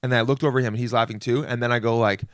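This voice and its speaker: A young podcast host delivers a rambling comedic solo monologue, constantly interrupting himself and saying "dude" a lot. He talks very fast in a mid-range, fairly bright voice with fairly even intonation, recorded dry at studio quality.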